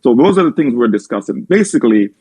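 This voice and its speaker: A man's voice: medium pitch, big pitch swings, quick pace, darkish tone, slightly rough, no room sound. A man with a Jamaican accent, making insistent points in a casual group call.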